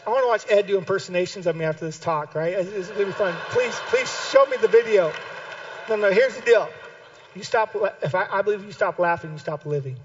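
A man with a notably high voice preaches a sermon. He drives home his points by repeating phrases and swells into shouted calls to his listeners. The recording sounds dull and lo-fi. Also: fast talker, slight background noise. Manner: impassioned, builds to shouted exhortation; repeats key phrases for emphasis. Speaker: pastor.

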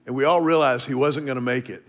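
A middle-aged man from Texas telling a story in a devotional talk, dropping to a hush for asides. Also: medium pitch, fairly even intonation, quick pace. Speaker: speaker.

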